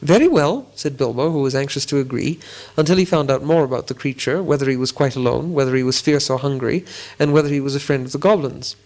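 A man narrating a storybook in a slow, deliberate storytelling manner. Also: mid-range voice, fairly even intonation, a little mellow. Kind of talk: reading a storybook aloud.

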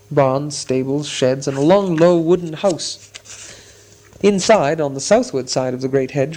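A man narrating a storybook in a steady, descriptive audiobook reading. His voice sits slightly higher than most men's.

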